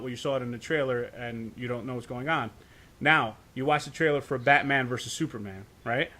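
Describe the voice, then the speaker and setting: A man's voice: on the high side, pushed and bright. A man co-hosting a podcast, talking in a loose, profane ramble, often checking in with "right?" and stumbling over restarts. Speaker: podcast co-host. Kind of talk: casual podcast discussion.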